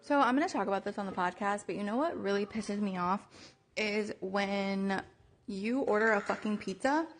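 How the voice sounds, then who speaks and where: A woman podcast co-host telling a story in an animated, profane rant. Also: mid-range voice, normal speed, background noise. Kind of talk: casual ranting story.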